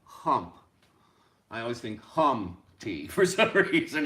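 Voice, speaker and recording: A man teaching a rhythm lesson as a music teacher, chanting rhythm syllables over and over in a steady beat. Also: mid-range voice, takes it slowly. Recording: echoey room.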